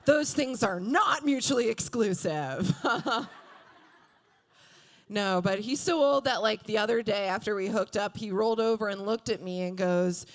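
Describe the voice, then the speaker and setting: Woman comic in her thirties, unhurried delivery, deadpan asides, club stage mic. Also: medium pitch. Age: 30s. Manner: deadpan asides, acts out quoted voices. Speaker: stand-up comedian. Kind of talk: stand-up comedy set. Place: comedy club stage with audience.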